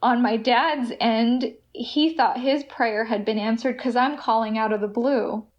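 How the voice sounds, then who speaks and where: A woman telling her personal recovery story as a podcast guest, emotional and halting, with restarts. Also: fairly high pitch, steady tone, highs cut off.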